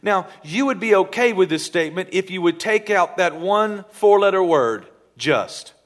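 Animated preacher man, slightly high voice. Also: normal speed. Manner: animated, playful, acts out scenes in voices. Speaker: pastor. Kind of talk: sermon. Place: church.

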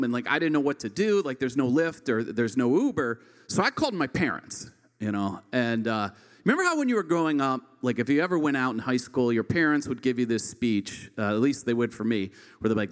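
Animated man in his thirties telling stand-up. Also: a little fast. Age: 30s. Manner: rambling, filler-heavy storytelling with animated pitch swings. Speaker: stand-up comedian. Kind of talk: live stand-up storytelling.

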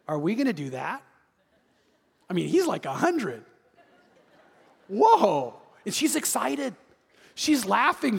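Animated high-voiced pastor preaching. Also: male voice, in a large hall. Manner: animated, repeats words, conversational asides. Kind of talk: sermon.

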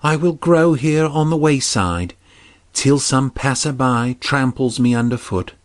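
A man voicing a sorrowful, gentle young princess in a storybook reading, with a raised, softened voice. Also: mid-range voice, a little slow, voice pushed up, close to an everyday voice. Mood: mournful.

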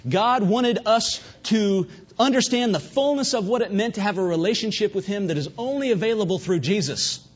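A man preaching a sermon at a church service, fervent, swinging between loud emphasis and hushed asides. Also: high-pitched, moderate pace. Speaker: pastor. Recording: dull lo-fi recording.

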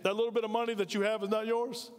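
A man's voice: high-pitched, level tone, fast talker, smooth, long reverb tail. A man preaching a sermon as pastor, talking conversationally and drawing call-and-response from his congregation in a large church. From United States.

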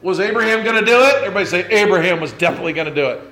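A pastor preaches a conversational sermon to his congregation, posing rhetorical questions and frequently restarting sentences. His high voice is animated and sharp, and he races along. Faint music plays in the background.

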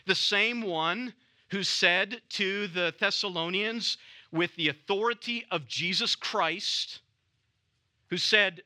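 A man delivers a sermon at an unhurried, deliberate pace, leaning on repetition to drive each point home. His voice sits high and sounds very bright. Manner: measured, emphatic, repeats key phrases. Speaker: preacher. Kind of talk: expository sermon.

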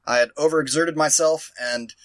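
A man's voice: on the high side, normal speed, no room sound. A man telling a rambling, profane, self-mocking story in a casual chat.

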